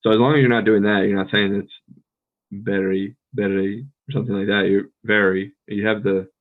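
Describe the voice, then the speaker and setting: An American man co-hosting a podcast, chatting casually with a relaxed, rambling manner full of fillers and restarts. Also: lowish voice, fast talker, phone-quality sound. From United States. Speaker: podcast co-host. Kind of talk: casual conversational chat.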